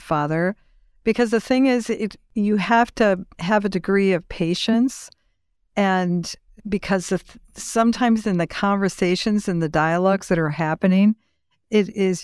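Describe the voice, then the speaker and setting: A woman with a smooth, clear voice hosts a conversational interview. She answers her guest thoughtfully and affirmingly, recorded dry and close to the mic. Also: fairly low pitch, a little mellow, no echo. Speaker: podcast host.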